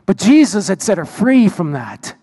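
High-voiced male preacher in a reverberant hall. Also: sing-song, moderate pace, dark tone. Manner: storytelling with many restarts and repeated words. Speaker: pastor. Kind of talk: sermon.

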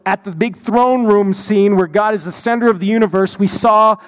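High-voiced male preacher in a reverberant hall. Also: moderate pace, clear, resonant tone. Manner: storytelling with many restarts and repeated words. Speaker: pastor. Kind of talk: sermon.

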